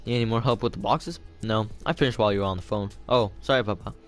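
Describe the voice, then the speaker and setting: Reading a novel aloud for homework, a man with a lowish voice moves at a quick pace, casual and loose, pausing to throw in his own comments. Faint music plays behind him.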